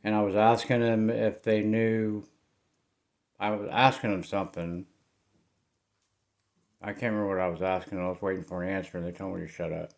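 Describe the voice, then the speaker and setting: A middle-aged Southern man rambles through a ghost story for his viewers, his low voice often sinking into near-mumbles. He talks loosely, with restarts and fillers. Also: level tone, normal speed, gravelly, pauses often. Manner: rambling, drops to quiet mumbles. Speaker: paranormal investigator vlogger. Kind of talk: casual storytelling to camera.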